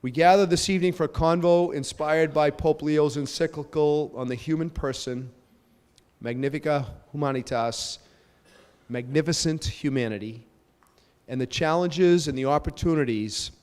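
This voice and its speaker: A man's voice: medium pitch, a little mellow. Man, parish pastor, casual rambling welcome, fillers, jokes at himself, long hall reverb. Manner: chatty, rambling, self-joking, with frequent fillers. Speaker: parish pastor hosting a panel. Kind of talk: welcoming remarks to a parish gathering.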